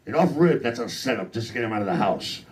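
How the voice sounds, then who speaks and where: A man's voice: fairly low pitch, expressive, fast talker. A young man doing a crude, brash stand-up set on a comedy club stage.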